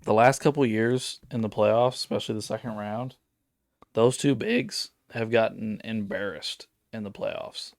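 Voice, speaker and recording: A man's voice: on the low side, measured pace, no room sound, studio quality. A man co-hosting a casual sports chat, rambling with many fillers and restarts. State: sleepy, yawning. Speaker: podcast co-host.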